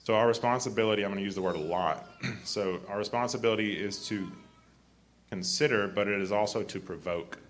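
A man preaches a sermon in a deep, grumbly voice with a somewhat low pitch. He clears his throat often and restarts his sentences as he goes. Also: a little fast, slight background noise.

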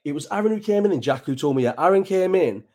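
A man's voice: on the high side, animated, quick pace, warm tone. A young man from England hosting a late-night livestream, chatting in a loose, sweary, rambling way with many restarts. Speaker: livestream host. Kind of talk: casual chat.

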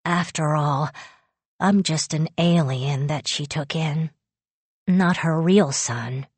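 A woman voicing a quiet, serious young boy who believes he is an alien, speaking in a calm, earnest, matter-of-fact way. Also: low-pitched, slow, breathy edge, no echo, exaggerated voice. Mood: gentle, resigned.

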